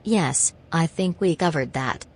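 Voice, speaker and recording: A woman's voice: low-pitched, expressive, unhurried, breathy edge. A woman hosting a comedy podcast, dry and businesslike as she reads facts. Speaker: host.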